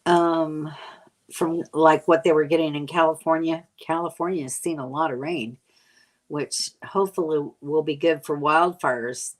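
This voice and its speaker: An older woman chatting casually on a live stream, answering viewers, rambling with many fillers and sounding tired. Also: low voice. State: tired from lack of sleep. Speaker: vlogger answering live chat.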